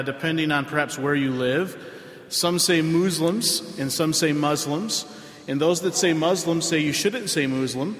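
A man, a pastor giving a sermon in a conversational way with frequent filler pauses. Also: fairly high pitch, fairly bright tone. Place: church sanctuary. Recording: roomy hall with long reverb.

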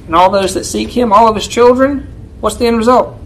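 A man's voice: a little fast, a little hiss or hum, rough recording. Emphatic male preacher, rising and dropping. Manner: emphatic, often asks "right?" of listeners; swings between raised pleading and low quiet asides. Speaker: elder preaching. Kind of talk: expository sermon.

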